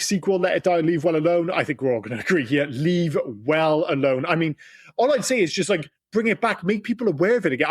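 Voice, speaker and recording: A fast, husky-voiced man co-hosting a podcast in easy conversation. His voice sits a little high for a man and tumbles out quickly. He swears casually and keeps the talk animated. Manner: swears freely, animated and chatty. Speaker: podcast co-host. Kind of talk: casual chat.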